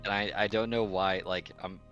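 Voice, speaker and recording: A man's voice: low-pitched, fairly even intonation, normal speed, muffled recording. A man playing in a tabletop game, describing his character in a rambling, filler-heavy way. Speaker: player. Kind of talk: casual chat. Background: faint background music.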